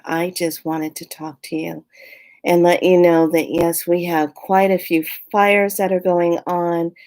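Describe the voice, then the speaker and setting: A woman playing a caring governor who speaks slowly and soothingly to her citizens. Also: fairly low pitch, a little mellow, no echo, lightly acted. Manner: slow, soothing, reassuring.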